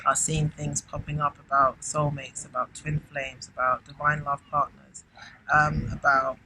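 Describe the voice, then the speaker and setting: Effusive woman over loud noise. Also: deep voice, flat delivery, unhurried. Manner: effusive, keeps exclaiming wow, chatty with many fillers. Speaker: tarot reader. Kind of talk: casual spiritual reading. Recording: loud background noise with clicks.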